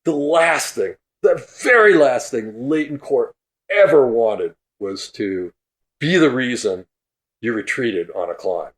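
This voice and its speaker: A man guesting on a podcast, telling an animated story and acting out the quoted voices, with laughter running through it. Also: medium pitch, slow pace. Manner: laughs through his stories; acts out quoted speech.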